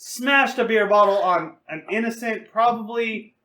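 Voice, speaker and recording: A young man with a high, light voice tells rowdy stories on a podcast, swearing freely and laughing as he goes. He sounds loose and unpolished, and his voice rings in an echoey room. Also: a little slow, pushed and bright. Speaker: podcast co-host. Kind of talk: casual storytelling.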